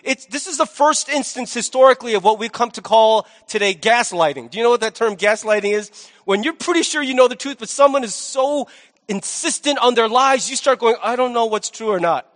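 A male pastor preaching a sermon in a lively, conversational way with jokey asides, in a large church hall. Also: extremely high pitch, fairly quick. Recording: long hall reverb.

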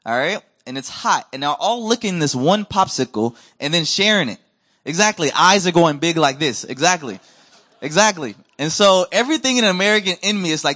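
A man preaching a sermon as a missionary, telling stories in a lively conversational way and acting out what others said. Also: a little high. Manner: animated, acts out quoted voices, conversational. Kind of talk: storytelling sermon. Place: church.

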